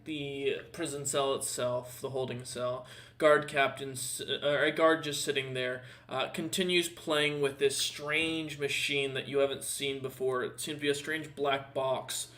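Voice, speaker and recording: A man narrating a tabletop game as dungeon master, pausing often and filling gaps with fillers. His voice has a bright, sharp edge. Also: mid-range voice, steady tone. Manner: halting, full of fillers.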